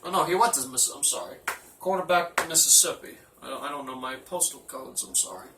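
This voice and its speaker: Cursing rambling guy doing locker room roll call, sharp voice, far off mic in a big echoey room. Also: a little high, fairly quick, slight background noise. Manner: profane, rambling, mock-gruff. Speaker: team manager giving a speech.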